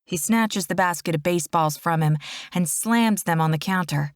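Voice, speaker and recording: A woman narrating a first-person romance audiobook in an intimate, steady way, close to the mic. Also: lowish voice, moderate pace, no room sound.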